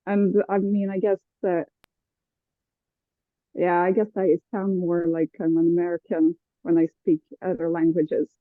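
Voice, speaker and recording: A woman's voice: lowish voice, level tone, a little slow, no echo. A woman who grew up in France and speaks Swedish as her first language, chatting hesitantly in English on a video call. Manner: hesitant, laughs off her answers. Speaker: guest YouTuber. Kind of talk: casual video-call chat. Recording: dry, phone-like call audio.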